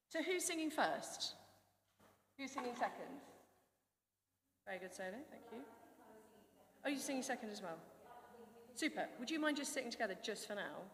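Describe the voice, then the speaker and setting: A woman's voice: mid-range voice, big pitch swings, moderate pace, long pauses, fairly bright tone. A woman leading a choir rehearsal in a large church, chatty, encouraging and self-deprecating. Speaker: choir director. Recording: long church reverb, faint music.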